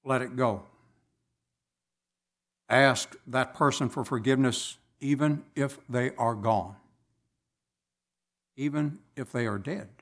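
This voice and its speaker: A man preaching a sermon in a slow, deliberate way with measured pauses. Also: medium pitch.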